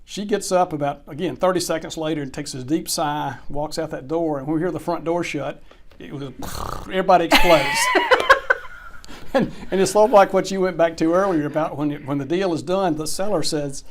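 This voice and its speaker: A man's voice: on the high side, a little fast. A middle-aged man, a closing attorney telling an anecdote in an interview and acting out the dialogue. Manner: animated anecdote teller, acts out quoted dialogue. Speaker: real estate closing attorney. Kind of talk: storytelling in an interview.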